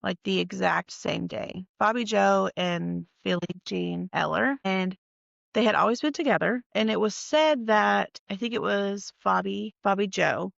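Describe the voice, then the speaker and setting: A woman from North Carolina tells an eerie story from her own life in a fried, gravelly voice, casual and heavy on swearing. She sounds a little tired and leans in conspiratorially. The recording is dull and lo-fi, with a dry, close sound. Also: mid-range voice, measured pace, no room sound. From North Carolina, USA. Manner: profane, emphatic, conspiratorial. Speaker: storytime vlogger.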